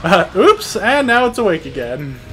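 Excitable, sarcastic gameplay commentator. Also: mid-range voice, moderate pace, music in the background. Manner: excitable, sarcastic, laughs often. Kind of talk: casual let's-play commentary.

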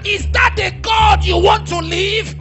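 A man with a Nigerian accent preaching a sermon, swinging from quiet murmurs to loud shouting. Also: very high voice, fairly even intonation, a little slow, lo-fi sound, over music. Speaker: apostle preaching.

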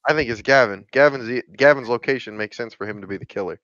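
A man's voice: medium pitch, fast, a bit bright, no room sound. Teasing young man on a lo-fi mic. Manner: joking, teasing, confident. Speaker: gaming channel host. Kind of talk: casual gameplay chat. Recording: dull lo-fi mic.

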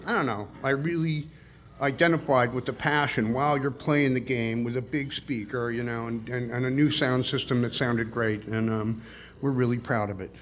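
A man's voice: medium pitch, steady tone, moderate pace, muffled recording, slight background noise. A man giving a casual seminar talk as a guest speaker, rambling with many restarts. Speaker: guest speaker, pinball designer.

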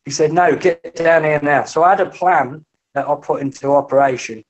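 A middle-aged man, a podcast guest telling lively anecdotes in casual conversation and acting out the voices he quotes. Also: fairly high pitch, normal speed. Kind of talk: storytelling in a casual interview.

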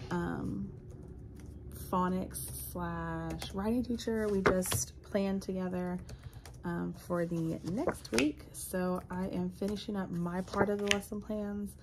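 A woman's voice: lowish voice, gravelly, background noise. A woman, a schoolteacher chatting casually through a vlog in her classroom, rambling with fillers. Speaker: elementary school teacher.

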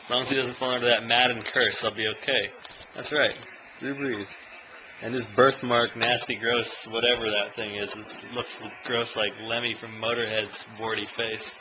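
A man's voice: medium pitch, little pitch movement, normal speed. A young man rambling and joking in a casual daily video blog. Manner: rambling and jokey. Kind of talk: casual chat. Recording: noisy background.

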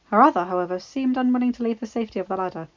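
A woman's voice: on the high side, rapid-fire, no room sound. Woman reading fanfiction, dull dry sound. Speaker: fanfiction reader. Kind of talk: storybook narration.

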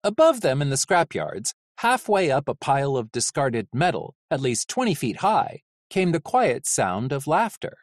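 An audiobook narrator reading a novel in expressive, lively storytelling, close to the mic. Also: mid-range voice, normal speed, few pauses, dry recording.

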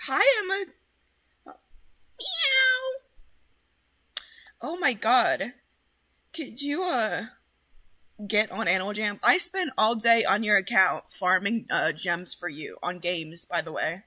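Give me a bright-voiced woman streamer who is excitable, bossy and swears often. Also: medium pitch, unhurried. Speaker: streamer host. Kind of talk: casual game stream chat.

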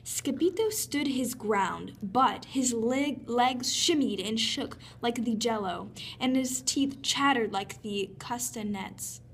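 Woman, picture-book read-aloud, expressive storytelling, slightly high voice. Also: takes it slowly, few pauses, slight background noise. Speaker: reader.

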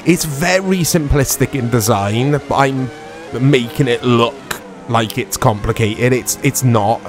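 Against a noisy background with music playing, a man with a medium-pitched voice reviews retro games, speaking unhurriedly while he plays an old racing game. He rambles casually, pokes fun at himself, and leans heavily on tag questions.

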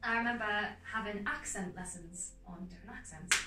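A young woman in her twenties with a North East English accent, an actress talking as a guest in a casual interview, emphatic and animated with quick restarts. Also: mid-range voice, very noisy. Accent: North East England. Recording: echoey room, mic at a distance, faint music.

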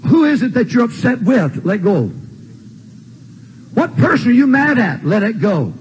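An older man preaching a sermon in a church, emphatic and repetitive, with shouted refrains. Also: extremely high pitch, sing-song, measured pace, muffled recording, slight background noise. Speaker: pastor. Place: church sanctuary.

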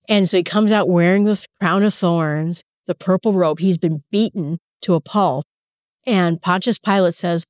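A woman teaches scripture in a relaxed, conversational way and wanders into personal anecdotes and asides. Her voice sits a little low for a woman. The recording is dry and close, with no room sound. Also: measured pace, no room sound. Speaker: Bible teacher and podcast host. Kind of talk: casual Bible teaching with personal stories.

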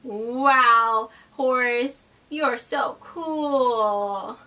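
A young woman hosting a toddler learning video, talking in a slow, exaggerated, sing-song way. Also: a little high, bright, forceful tone, far from the mic. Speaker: children's educational host. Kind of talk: teaching toddlers.

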